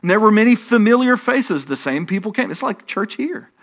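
A man's voice: high voice, animated, fairly quick, fairly bright tone. A man with a Texan accent preaching a sermon as pastor, rising in emphasis and often restarting his phrases.

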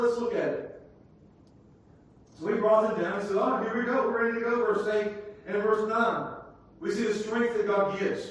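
A man preaching a sermon, reading scripture aloud and retelling it in everyday words, swinging between loud, lively bursts and hushed asides. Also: high voice. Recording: very echoey room, mic far off, faint noise.

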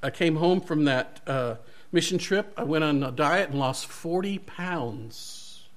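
A man's voice: a little high, unhurried. A male pastor giving a sermon, retelling a Bible story animatedly and correcting himself as he goes.

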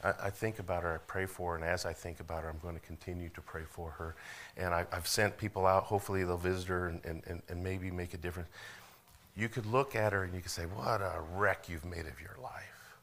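A middle-aged man preaching with a deep voice and a forceful, bright edge. He stumbles over repeated words, calls out for amens, and builds his lines up to loud peaks. The delivery is a sermon throughout. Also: fairly even intonation, fast talker. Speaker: pastor.

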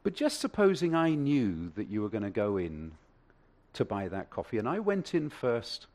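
A man's voice: mid-range voice, very animated, moderate pace, a little mellow. A male pastor preaching a sermon, telling a story with acted asides and the odd stammer.

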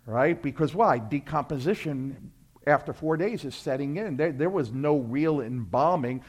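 A man preaching a sermon, telling a story and acting out voices, building from quiet asides to loud fervent climaxes. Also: medium pitch, expressive, moderate pace. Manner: storytelling preacher, acts out voices, swells to shouts. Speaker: pastor.

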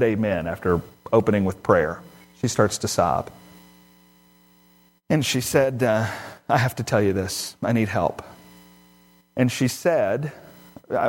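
A man's voice: lowish voice, darkish tone. A middle-aged man, a pastor, preaching a sermon and telling a counseling story with quoted dialogue at a varying pace.

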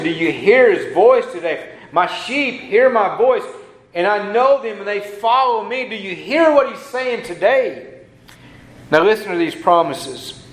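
A man preaching a sermon as pastor, reading scripture slowly and building to emphatic appeals. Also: sits high, a bit bright, roomy sound, low-quality recording.

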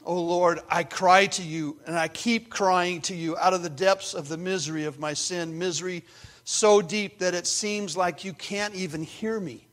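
A man giving voice to an anguished ancient psalmist, pleading with God in an intense, emphatic way, in a raised, slightly high voice. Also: fairly even intonation, normal speed, fairly bright tone.

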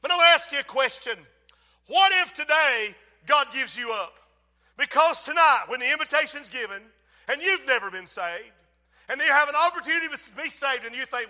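A man preaching a fiery revival sermon, shouting and then dropping to a hush, in a church. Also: very high voice, lively intonation, normal speed. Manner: shouting, dramatic storytelling with sudden hushed drops. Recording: echoey church hall.

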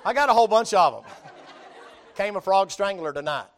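A man's voice: high-pitched, expressive, fairly quick, a faint crowd. A man with a Southern US accent preaching a sermon in a folksy, joking way full of homespun sayings. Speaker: pastor.

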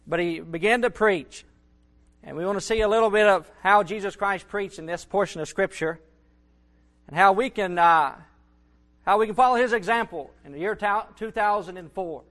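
A man's voice: high-pitched, fairly bright tone. A man preaching a sermon, building to emphatic bursts and repeating his phrases. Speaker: Baptist preacher.

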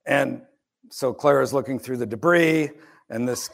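Man, middle-aged, pastor, sermon, conversational storytelling, gravelly voice, mid pitch. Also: unhurried. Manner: conversational, wry storytelling with asides.

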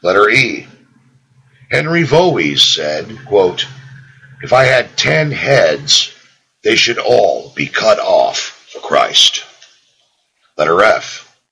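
Slow, gravelly male devotional reader. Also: on the low side, poor audio. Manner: slow, solemn reading with lively rises on quotations; reads out "quote" and "close quote" markers. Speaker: audiobook reader. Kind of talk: reading a Puritan devotional text aloud.

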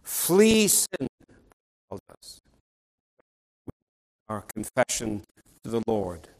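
A man's voice: lowish voice, very animated, drawn-out words, vocal fry, poor audio. A man preaching a sermon in an earnest, emphatic way, stressing key words and often restarting phrases.

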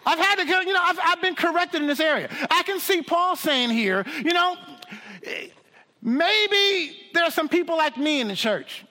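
A man preaching a sermon in an animated, humorous way, with frequent restarts and asides. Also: extremely high pitch, normal speed, long reverb tail.

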